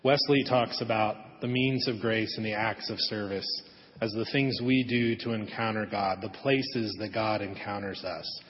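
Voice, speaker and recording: A man preaching a sermon in a church sanctuary, telling a story gently and dropping to a soft hush on the key lines. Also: on the low side, steady tone, measured pace. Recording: echoey hall, dull lo-fi audio.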